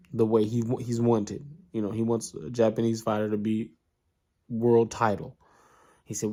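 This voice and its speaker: A man casually recapping an anime in a relaxed, slangy way, full of asides and fillers. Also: lowish voice.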